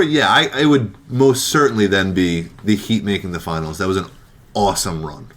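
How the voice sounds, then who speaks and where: Wry, grumbling young man, low voice. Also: moderate pace. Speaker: podcast co-host. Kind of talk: casual sports chat.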